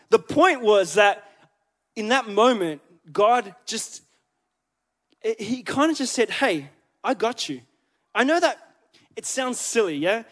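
A man preaches in a church with a high voice. He talks in a chatty, joking way and keeps asking the congregation questions. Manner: chatty, joking, asks the crowd. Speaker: pastor. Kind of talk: sermon.

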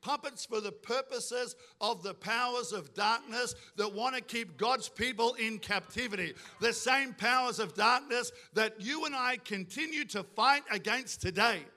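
A man's voice: very high-pitched, unhurried, hardly any pauses, bright, forceful tone. A man preaching a sermon with fervour, asking the crowd questions and acting out quoted voices. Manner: fervent preaching with call-and-response questions, acts out quoted voices. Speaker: pastor.

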